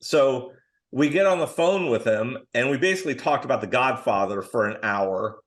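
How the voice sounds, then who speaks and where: A middle-aged man, a screenwriter guest on a podcast, telling casual, animated stories and acting out other people's lines. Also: mid-range voice, normal speed.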